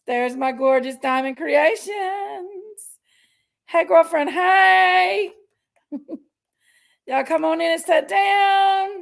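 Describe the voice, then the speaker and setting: Woman livestream host, high voice with gravel in it, unhurried. Chatty and affectionate, greets viewers by name and calls them pet names. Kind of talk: casual live chat greeting viewers.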